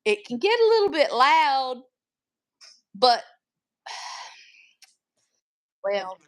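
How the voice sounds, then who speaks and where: A woman with a Southern American accent chatting casually on a livestream over a video call, drawn-out and easily amused. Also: high-pitched, sing-song. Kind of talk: casual chat.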